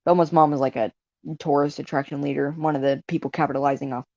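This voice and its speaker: A woman rants at home in a casual, rambling way, full of sarcastic asides that she laughs at herself. Her voice sits slightly low. The recording is dull and lo-fi, with a dead-dry sound and no room echo. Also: steady tone, fast talker, mellow. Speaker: vlog host. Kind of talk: casual ranting monologue.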